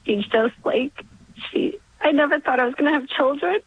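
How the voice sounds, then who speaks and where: A woman in her forties calling in to a radio show, emotional and halting, close to tears as she speaks. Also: high-pitched. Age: 40s. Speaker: caller. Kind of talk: call-in radio talk. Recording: tinny phone line.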